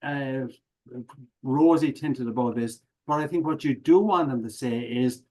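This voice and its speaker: A middle-aged Irish man, a professional speaker, telling stories as a podcast guest in a lively, joking way. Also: medium pitch, a little slow, low-quality recording. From Ireland. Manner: animated, jokey, acts out audience reactions. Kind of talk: conversational interview, storytelling.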